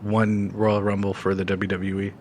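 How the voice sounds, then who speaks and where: A man co-hosting a casual podcast chat, rambling with lots of fillers and swearing freely when excited. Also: on the low side, moderate pace, a little hiss or hum. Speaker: podcast co-host.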